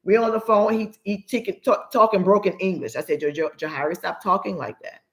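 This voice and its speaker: A woman co-hosting a talk show, telling family stories in an animated way and laughing often. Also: medium pitch, brisk. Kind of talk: casual storytelling.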